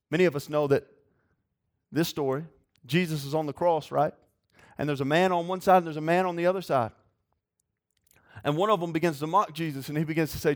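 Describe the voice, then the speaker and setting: A man's voice: fairly high pitch, steady tone, fairly quick, long pauses. A man preaching a sermon in a folksy, earnest way. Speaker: pastor.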